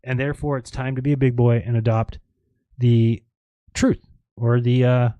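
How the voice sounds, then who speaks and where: A man rants on his live stream at an ordinary pitch, rambling and sarcastic, and he slips into mocking quotes of others. His voice is close and dry, with no room sound. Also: fairly even intonation, normal speed, dry recording, narrow, tinny audio. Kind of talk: casual ranting monologue.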